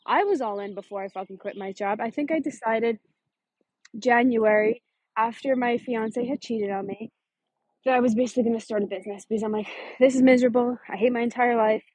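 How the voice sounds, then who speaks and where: Woman business coach, higher husky voice, dry close sound; blunt, profane, punchy. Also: darkish tone, no room sound. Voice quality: swears freely, emphatic. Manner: fast, punchy delivery with sudden stresses. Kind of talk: casual motivational monologue.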